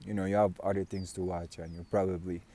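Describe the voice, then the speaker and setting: A man's voice: low-pitched, level tone, fast, warm tone. A man from Syria telling a personal story to camera, rambling with fillers and restarts. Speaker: vlogger.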